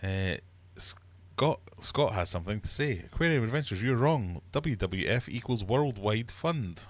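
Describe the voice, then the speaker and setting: Brief: male livestream quizmaster, lowish voice, playful and teasing, fish room. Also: expressive, measured pace, no room sound. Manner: playful, teasing, mock-uppity. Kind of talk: live-streamed quiz chat.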